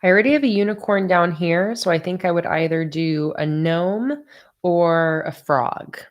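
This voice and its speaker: In a lo-fi recording, a woman with a fairly low pitch talks at a normal speed. Sleepy and yawning, she hosts a casual bullet journal planning livestream, thinking aloud and chatting with her viewers while she crafts.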